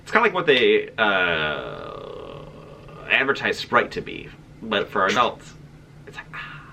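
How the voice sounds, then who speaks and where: Goofy guy with a cold on a podcast, bouncy bright voice, slight hiss. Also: on the low side, wildly swooping pitch, measured pace, vocal fry. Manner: goofy, jokey, laughs often. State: sick, runny nose. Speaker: podcast co-host. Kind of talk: casual chat.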